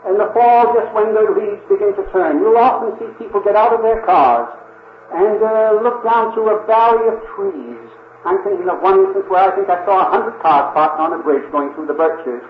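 Male preacher, tinny and roomy. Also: sits high. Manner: earnest, repeatedly addressing "dear friends", rising to emphatic peaks. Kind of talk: sermon. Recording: tinny phone-like band, roomy echo, faint hiss.

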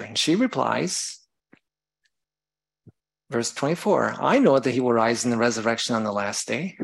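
A man's voice: medium pitch, gravelly, breathy edge, rough recording. A man preaching a sermon, reading scripture aloud and explaining it, sometimes stopping to correct himself.

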